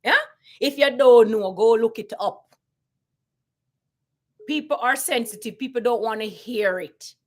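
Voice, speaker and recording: Jamaican woman, live-stream host, emphatic and repetitive, rhetorical questions, slightly high voice. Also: unhurried, pauses often, a little mellow. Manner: emphatic, repeats herself, asks rhetorical questions. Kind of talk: casual live-stream commentary.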